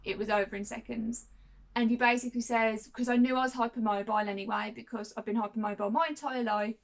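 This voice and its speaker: A young woman in her twenties chats to camera in a casual vlog. Her voice sits a little high, and she rambles, circles back over her words and keeps checking in with her viewers. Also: steady tone, quick pace. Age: 20s. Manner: chatty and rambling, repeats herself, often says "you know what I mean". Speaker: vlogger.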